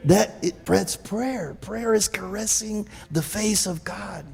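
High-voiced preaching man in a hall. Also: slow, vocal fry, husky. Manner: animated preaching with many restarts and repeated "Amen?". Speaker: pastor. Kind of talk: sermon. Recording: echoey hall with long reverb.

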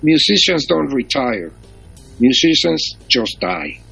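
A man's voice: medium pitch, very animated, takes it slowly, creaky, sharp tone, breathy edge, faint music behind, poor audio. A man in his seventies, a veteran musician, telling stories as a chatty raconteur in an interview. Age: 70s. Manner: storytelling raconteur. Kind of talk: casual interview chat.

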